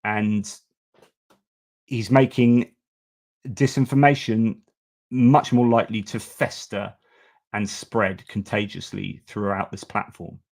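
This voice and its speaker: A man's voice: lowish voice, fairly even intonation, takes it slowly, vocal fry, pauses often, a little mellow. Chatty man hosting a stream. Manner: chatty and opinionated, with frequent fillers and restarts. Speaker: host of a news live stream. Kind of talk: casual live-stream commentary.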